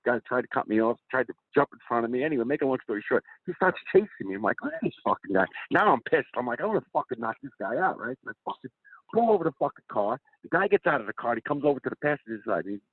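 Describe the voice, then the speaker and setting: A man guest telling a profane, animated story in a casual chat. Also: medium pitch, rapid-fire, slightly rough, no echo, narrow, tinny audio. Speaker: comedian guest.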